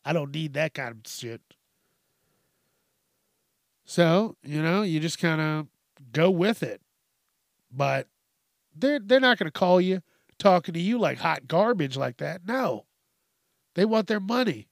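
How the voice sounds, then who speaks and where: A man's voice: high-pitched, animated, unhurried, gravelly, pauses often, no room sound, clean studio sound. A man hosting a podcast, ranting casually and comically, swearing a lot and laughing between lines. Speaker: podcast host. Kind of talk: casual comedic rant.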